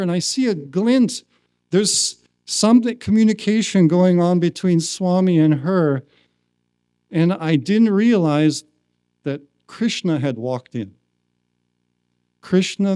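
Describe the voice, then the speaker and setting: A man speaking at a spiritual retreat, telling a personal story slowly and acting out the quoted lines. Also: sits high, mellow, dry recording. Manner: slow, acts out quoted lines. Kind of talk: storytelling talk. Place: retreat hall.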